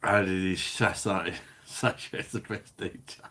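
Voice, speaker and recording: A deep-voiced man with a Cockney-Kentish accent, chatting to his live audience at an easy, slow pace. He swears freely and chuckles along as he talks. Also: fairly even intonation, pushed and bright, slightly rough. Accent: Cockney-Kentish English. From London. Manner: laid-back, sweary, chuckling banter. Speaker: livestream host reading chat. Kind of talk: casual live chat.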